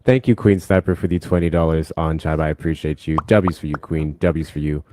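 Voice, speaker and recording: A man's voice: a bass voice, fairly even intonation, a little fast, noisy background. A man co-hosting a casual political livestream chat, blunt and earnest, swearing freely. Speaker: co-host.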